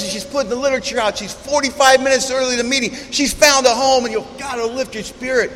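High-voiced man telling stories in a hall. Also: steady tone, fast talker, hardly any pauses, fairly bright tone. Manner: humorous, earnest storytelling. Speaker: recovery meeting speaker. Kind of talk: storytelling talk to a meeting. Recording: long hall reverb, faint background noise.

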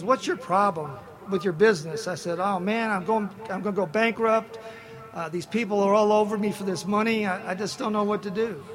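High-voiced man telling stories to a crowd. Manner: folksy, animated, quotes others in character. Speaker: recovery meeting speaker. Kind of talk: storytelling share to an audience. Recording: live talk with crowd. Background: audience laughter.

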